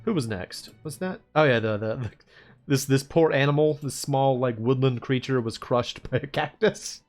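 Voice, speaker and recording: A man's voice: mid-range voice, moderate pace, faint music behind. A man streaming as he draws, chatting in a rambling, laid-back way and chuckling to himself. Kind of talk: casual chat while drawing.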